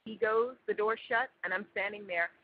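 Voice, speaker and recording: A woman's voice: mid-range voice, normal speed. A woman guest in an interview, telling a vivid story with many fillers. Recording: dull lo-fi audio.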